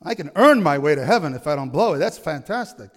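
Male pastor with a somewhat high voice, preaching emphatically in a church with long reverb. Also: very animated, fast talker, a bit bright. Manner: emphatic, asks the congregation questions. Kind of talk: sermon.

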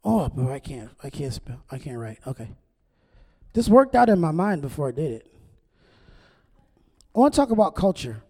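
High-voiced preacher in a reverberant hall. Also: male voice, normal speed, pauses often, breathy edge. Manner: animated, conversational preaching with acted-out quotes. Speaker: pastor. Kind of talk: sermon.

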